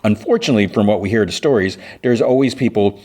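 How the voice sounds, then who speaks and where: A man's voice: on the low side, quick pace, warm tone. A man hosting a podcast, casually recapping a TV episode in a rambling way, full of restarts and "he's like". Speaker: podcast host.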